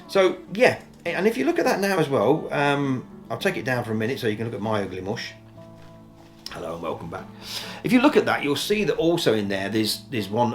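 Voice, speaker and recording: A man giving casual, opinionated commentary as a news vlogger, talking in a chatty, rambling way with many ums and restarts. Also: on the low side.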